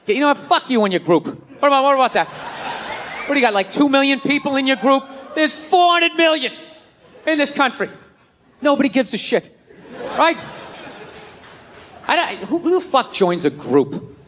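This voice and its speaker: A middle-aged man from the US East Coast doing a profane stand-up rant, often shouting. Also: very high voice, animated, normal speed, slight background noise. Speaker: stand-up comedian. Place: comedy stage before a live audience.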